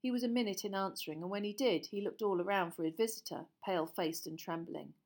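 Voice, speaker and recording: Casting: woman narrator, mid-pitched, measured and expressive for an audiobook. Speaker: audiobook reader.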